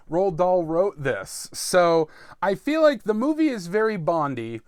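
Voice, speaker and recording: A man hosting a comedy podcast, riffing through an improvised monologue with frequent ums, jumping between loud asides and low mutters. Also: clear, resonant tone, no echo, clean studio sound. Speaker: podcast host.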